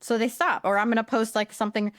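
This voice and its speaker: A woman co-hosting a podcast who talks in a flat, self-described monotone with a casual, blunt manner and some mild swearing. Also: fairly high pitch, fast, no echo, studio quality. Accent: accent others comment on, likened to a nasal New York voice. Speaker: podcast co-host, social media marketer. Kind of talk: casual chat.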